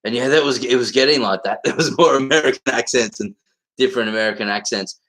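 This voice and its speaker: A man's voice: mid-range voice, fast, a bit bright, poor audio. An Australian man hosting a livestream, chatting casually in a rambling, blunt way and swearing freely. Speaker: livestream host.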